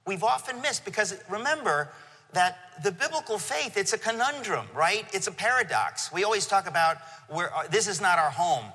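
A middle-aged man preaching a sermon to a congregation, telling a story with animated emotion. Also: high voice, normal speed, breathy edge. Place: church venue. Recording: long hall reverb.

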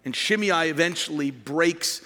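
A man preaching a sermon as pastor, animated and rising to shouts for emphasis. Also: on the high side, unhurried, long reverb tail.

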